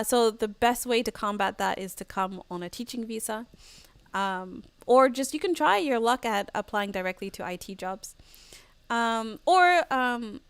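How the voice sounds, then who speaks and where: A woman's voice: medium pitch, fairly bright tone, clear, resonant tone, dry recording. A young woman from the United States chatting casually on her livestream, laughing often and acting out the lines of people she quotes. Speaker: livestream host.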